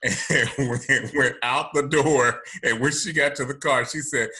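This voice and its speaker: A man with a fairly high, bright, forceful voice, co-hosting a casual podcast. He tells a funny story with animated energy and frequent laughter. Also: normal speed. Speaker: podcast co-host.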